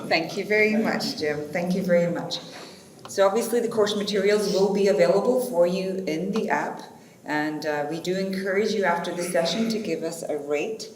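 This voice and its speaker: Moderating a conference panel, this woman sounds low and darkish at a moderate pace, chatting informally and leaning on fillers. The hall is echoey, with faint background noise.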